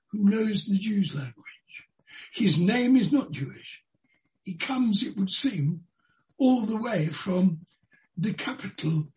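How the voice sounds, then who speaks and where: A preacher giving an expository sermon in a deliberate way, repeating key phrases for emphasis. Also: medium pitch, muffled recording. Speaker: Bible teacher.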